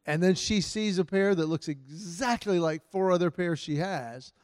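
Earnest man telling marriage stories to husbands, slightly higher voice, close dry sound with a long hall tail. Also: normal speed. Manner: earnest, storytelling, quotes his wife in his own voice. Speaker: speaker giving marriage advice to husbands. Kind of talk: casual talk to an audience.

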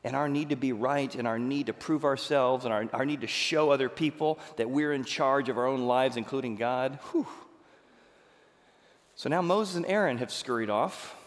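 A man preaching a sermon as pastor, retelling a story dramatically, acting out the quoted lines and swinging from loud to hushed. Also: mid-range voice, normal speed, in a large hall.

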